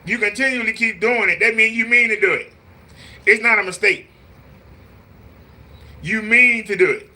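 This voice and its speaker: A man's voice: high voice, moderate pace, pauses often, bright, forceful tone. A man, talking casually on a live stream in a preachy, repetitive, scolding way. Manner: mimics voices in quotes. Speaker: vlogger.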